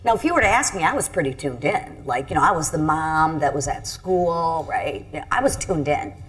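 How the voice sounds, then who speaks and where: A woman's voice: low-pitched, animated, fairly quick. A middle-aged woman from Michigan, a congresswoman telling a personal story on a panel in an earnest, candid, self-critical way.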